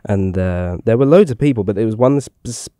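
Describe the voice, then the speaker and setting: A young man, co-hosting a podcast in a relaxed, prompting way. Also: on the low side, normal speed, no room sound, clean studio sound. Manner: relaxed, asks questions and prompts. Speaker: podcast co-host. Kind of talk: casual chat.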